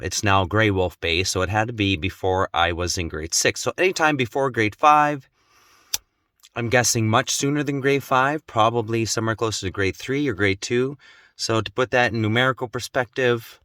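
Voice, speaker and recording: An adult man telling a personal story in an emotional, intense way, growing slow and quiet at its gravest. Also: lowish voice, no echo, studio quality. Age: adult, has children. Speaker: vlogger.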